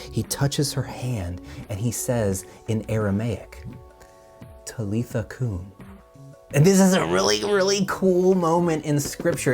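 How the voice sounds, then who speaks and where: Animated man telling a kids' Bible story. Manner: animated storytelling with swings in pitch; casual, with fillers and restarts. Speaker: children's minister. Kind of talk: children's Bible lesson.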